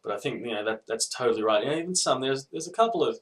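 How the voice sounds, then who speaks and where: A man's voice: medium pitch, animated, very fast, rough recording. A man with an Australian accent talking casually to camera in a video response, hesitant and laid-back, with many ums and restarts. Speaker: podcast listener giving a video response. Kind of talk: casual rambling monologue.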